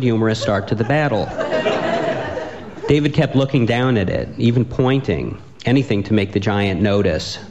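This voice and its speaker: A man reading a comic story aloud with a dry, deadpan delivery. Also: on the low side, dull audio, background noise.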